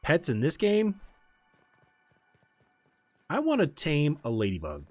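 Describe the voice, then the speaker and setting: A man's voice: fairly high pitch, huge pitch swings, takes it slowly, a little mellow, no room sound, faint music behind. A man streaming a game from home, chatting in a rambling, storytelling way. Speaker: gaming streamer. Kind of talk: casual chat while gaming.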